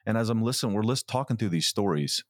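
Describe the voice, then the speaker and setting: A man co-hosting a podcast, chatting casually and telling a story in an animated way. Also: fairly low pitch, quick pace, no echo, clean studio sound. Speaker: podcast co-host. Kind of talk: casual chat.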